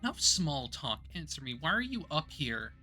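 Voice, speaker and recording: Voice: mid-range voice, big pitch swings, measured pace, fairly bright tone, faint music behind. A game streamer voicing the heroine's worried young female friends, urgent and insistent. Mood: alarmed. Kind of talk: reading a visual novel aloud.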